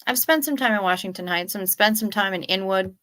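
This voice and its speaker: A woman's voice: mid-range voice, a little fast, fairly bright tone. A woman in young adulthood hosting a casual late-night livestream, chatting, reading out viewer comments and swearing freely. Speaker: livestream host.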